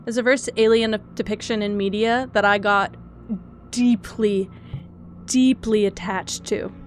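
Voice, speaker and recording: A young adult woman streaming, chatting casually and gushing excitedly, swinging between loud squeals and soft teary asides. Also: medium pitch, unhurried, faint music behind. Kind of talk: casual live-stream chat.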